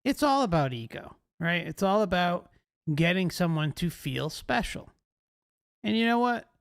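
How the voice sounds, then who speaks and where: Higher-voiced male host, crisp and dry. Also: very animated, measured pace, no room sound. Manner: emphatic, repetitive rhetorical questions. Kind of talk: commentary.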